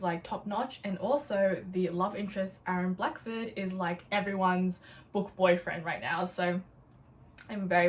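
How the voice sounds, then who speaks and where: Young woman, bubbly and chatty, casual vlog delivery, slightly distant mic with light room noise. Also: mid-range voice. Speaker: book vlogger. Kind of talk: casual book haul chat.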